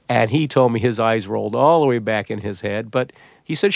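A middle-aged man, a novelist and psychologist, telling stories in an interview with lively restarts and repeats. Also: mid-range voice, fairly quick, creaky, no echo. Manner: animated storyteller, many restarts and repeats. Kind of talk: conversational interview.

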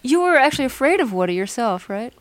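A woman hosting a radio interview, asking measured, prompting questions. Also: sits high, very animated, no room sound.

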